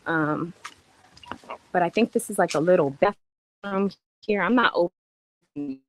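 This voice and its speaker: A woman chatting to viewers in a casual live stream while showing a rental villa, talking in a slangy, relaxed way. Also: lowish voice, takes it slowly. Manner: chatty, addresses viewers, drops into slangy speech. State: out of breath from climbing stairs. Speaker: vlogger touring a rental villa.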